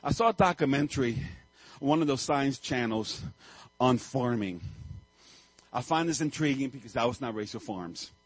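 A male pastor preaching a sermon, telling a story with animated swings and sudden loud outbursts. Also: medium pitch, moderate pace, breathy edge, no echo, rough recording.

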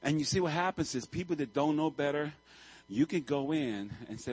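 A male pastor delivers a sermon as a vivid story. His husky voice sits in a dry, close recording. He swings between hushed lines and sudden loud bursts. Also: on the high side, animated, moderate pace, no echo, rough recording.

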